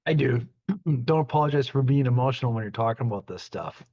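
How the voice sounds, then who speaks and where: Husky, supportive group participant, muffled sound. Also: mid-range voice, a little fast. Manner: gentle, supportive.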